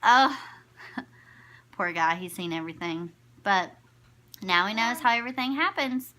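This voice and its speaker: A young woman in her twenties chats to the camera about becoming a mother. Her voice is bright and clear, and her speech runs on loosely, full of restarts and self-corrections. A faint hum of the room sits behind her. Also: mid-range voice, expressive, a little slow. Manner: chatty, rambling, self-correcting. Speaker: new mother. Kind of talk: casual storytelling to camera.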